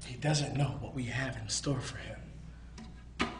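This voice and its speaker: A man's voice: medium pitch, fairly even intonation, measured pace, bright, forceful tone. A man, a tour DJ, handing out sandwiches backstage with mock-ceremonious, hyped speeches. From Detroit. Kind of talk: playful mock-formal presentation. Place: backstage rooms on a music tour. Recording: echoey, off-mic, with crowd noise.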